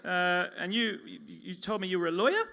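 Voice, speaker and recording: An Australian man performing stand-up on a pub stage, speaking into a mic at a lectern. His voice sits very high for a man and sounds sharp and bright. He rambles in a self-mocking way and trips over his own restarts. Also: brisk, gravelly. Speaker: stand-up comedian. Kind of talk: stand-up comedy set.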